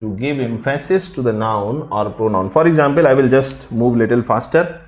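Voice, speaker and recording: A male teacher, giving a live online grammar class and repeating each phrase slowly to drill it. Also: mid-range voice, echoey room. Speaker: English teacher.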